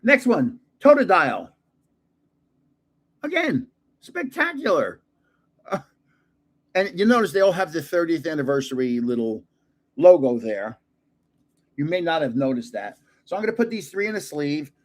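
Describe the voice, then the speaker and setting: Older man, fairly high voice, animated, rambling storyteller, chatty card-opening host. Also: moderate pace. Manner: rambling, chatty storyteller who laughs at his own jokes. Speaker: card collector channel host. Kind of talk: casual chat while opening cards.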